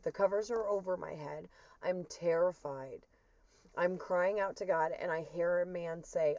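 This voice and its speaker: A woman's voice: lowish voice, measured pace, darkish tone, dry recording. A woman earnestly retelling a personal spiritual experience as a testimony, with emotion in her storytelling. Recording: dull, muffled dry recording.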